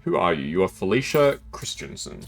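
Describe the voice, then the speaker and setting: Playful low-voiced man streaming a game. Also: sing-song, brisk. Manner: playful, giggly, self-deprecating. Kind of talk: casual gameplay commentary.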